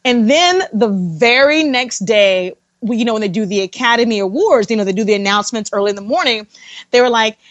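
A woman's voice: a little high, a little fast, no room sound, highs cut off. A young woman animatedly telling a story in a casual interview, acting out the people she quotes. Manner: animated, quotes others in acted voices.

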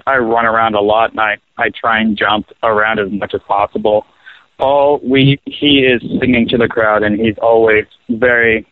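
A young adult man, a touring bass player, telling rambling, profane, joking road stories as the guest in a casual interview. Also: no echo. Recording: tinny phone-line sound, dry.

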